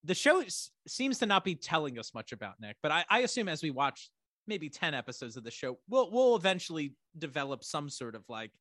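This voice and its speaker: A man co-hosting a podcast, casually recapping a TV episode in a rambling, filler-heavy, excitable way with some swearing. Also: on the high side, fairly quick, no room sound. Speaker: podcast co-host.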